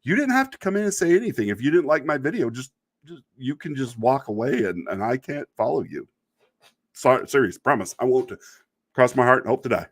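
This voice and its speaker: A man's voice: mid-range voice, sing-song, brisk. A middle-aged man hosting a casual video talk, rambling in a wry, exasperated way and laughing at himself now and then. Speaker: video podcast host. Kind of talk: casual monologue about online commenters.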